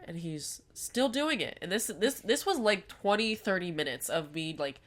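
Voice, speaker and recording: A woman's voice: fairly low pitch, expressive, moderate pace. A young woman co-hosting a podcast, telling a story in a chatty way, with lots of fillers and some swearing. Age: young adult. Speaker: podcast co-host. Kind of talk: casual chat.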